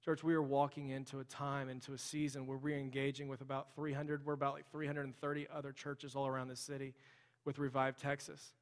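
A man's voice: medium pitch, monotone, fairly quick. A young adult man, a pastor, preaching a sermon in a conversational way with casual asides, in a large church sanctuary. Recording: long hall reverb.

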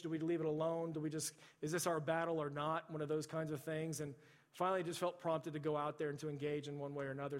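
Man, thirties, pastor, sermon, conversational, flat delivery, long hall reverb. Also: a little high. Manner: conversational storytelling with frequent restarts and "like".

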